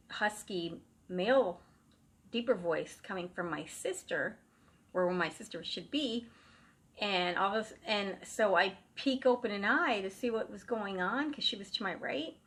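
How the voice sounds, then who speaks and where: Husky-voiced woman telling a ghost story. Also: medium pitch, a bit bright. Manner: rambling and chatty, with frequent "like" fillers and restarts. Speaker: psychic medium telling a true story. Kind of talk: casual first-person storytelling.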